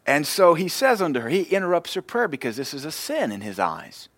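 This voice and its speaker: A man preaching a sermon with impassioned, storytelling delivery that swells louder and higher. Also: sing-song, fairly quick, hardly any pauses, no echo. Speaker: pastor.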